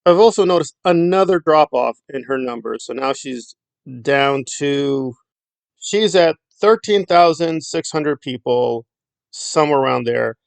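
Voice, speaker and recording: Gravelly, sarcastic middle-aged man. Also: a little high, measured pace, no echo. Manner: sarcastic, blunt, rambling. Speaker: YouTube commentator. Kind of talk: critical commentary vlog.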